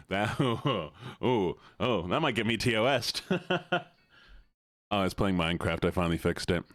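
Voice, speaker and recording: Male streamer, playful and giggly, swinging pitch, dry close sound. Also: sing-song, a little slow, fairly bright tone, no echo. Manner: playful, laughs often, thanks viewers. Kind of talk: casual livestream chat.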